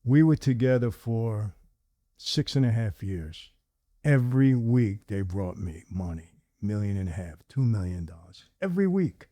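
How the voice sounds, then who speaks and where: Older man, mellow voice, telling a long story. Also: fairly low pitch, a little slow, dry recording. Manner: animated storyteller acting out quoted dialogue. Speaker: host. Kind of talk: conversational storytelling.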